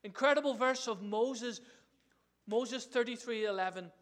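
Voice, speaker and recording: A man preaching a sermon in an animated way, often asking the congregation questions. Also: very high-pitched, unhurried.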